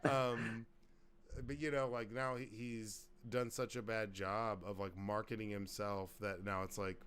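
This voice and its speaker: A man hosting a podcast in loose, casual chat, with a fairly low voice. He rambles from point to point, cracks jokes and swears freely. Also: clear, resonant tone. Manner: profane, rambling, jokey. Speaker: podcast host.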